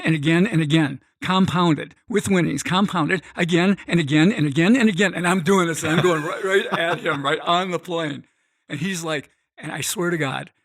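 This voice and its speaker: Middle-aged man, gravelly voice, fairly high, animated storyteller, dry close sound. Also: dry recording. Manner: animated, acts out quoted voices. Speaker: guest, gambling expert. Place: podcast studio.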